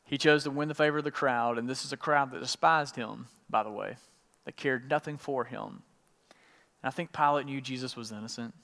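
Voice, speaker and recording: A man preaching a sermon, retelling scripture in casual everyday words and acting out the quotes with lively changes of voice. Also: mid-range voice, a little fast, gravelly. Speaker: pastor. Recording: long hall reverb.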